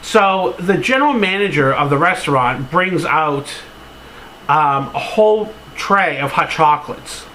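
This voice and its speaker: Male vlogger, high bright voice, rambling and filler-heavy, openly sentimental, casual cursing. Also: expressive, unhurried, a little hiss or hum, low-quality recording. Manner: open, sentimental storytelling. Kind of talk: casual to-camera vlog.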